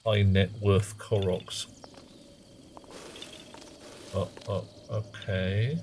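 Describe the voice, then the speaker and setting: A man's voice: deep voice, flat delivery, extremely slow, noisy background. A man giving casual, wry commentary while streaming a game, muttering self-mocking asides. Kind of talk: casual live gameplay commentary.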